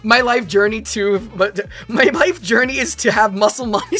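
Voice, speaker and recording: A woman in her thirties streaming as a VTuber, chatting excitably with her viewers, laughing often and breaking into squealing exclamations. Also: fairly high pitch, normal speed, raised voice, faint music behind. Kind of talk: livestream reaction chat.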